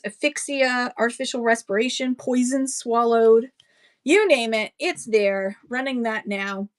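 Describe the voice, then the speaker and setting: A woman running a live-stream book sale, chatting casually with rambling asides and thanking buyers by name. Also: a little high. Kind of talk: casual live-auction selling chat.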